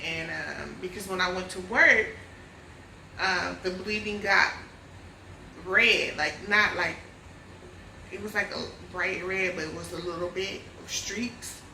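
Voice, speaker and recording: A woman vlogger telling a personal story in a lively casual way, often calling her viewers y'all. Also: on the low side, slow pace, vocal fry, long pauses, echoey room, far from the mic, slight background noise, poor audio. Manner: animated, addresses viewers as y'all.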